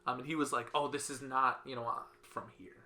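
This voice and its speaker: Bright-voiced man retelling a comic. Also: fast talker. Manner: animated storyteller, acts out characters with loud high voices. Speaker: podcast host. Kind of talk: casual podcast chat.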